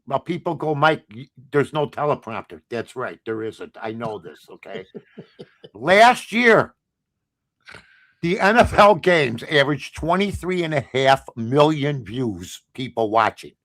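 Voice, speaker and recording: A man hosting a sports talk show, ranting bluntly and sarcastically, swinging between low mutters and loud outbursts. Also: lively intonation, a little slow, no room sound. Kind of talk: opinionated sports talk rant.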